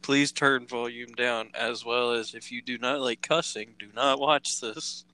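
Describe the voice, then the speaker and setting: A man's voice: mid-range voice, fairly even intonation, measured pace, pushed and bright. A young American man from Delaware co-hosting a casual podcast while gaming, swearing and joking with a laugh never far off. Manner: profane, joking, laughs often. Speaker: podcast co-host.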